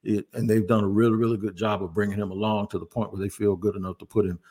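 A man's voice: on the low side, little pitch movement, quick pace, a little mellow, slightly rough. A man hosting a casual sports talk show, speaking in a chatty, conversational way with wry asides. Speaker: sports podcast host.

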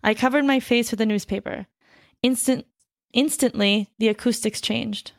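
A woman reading a translated story aloud at a steady pace, breaking off now and then to chat casually. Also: fairly high pitch, moderate pace, gravelly, no room sound, clean studio sound. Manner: reads steadily, then chats loosely with fillers and laughs. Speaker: reader of a story.

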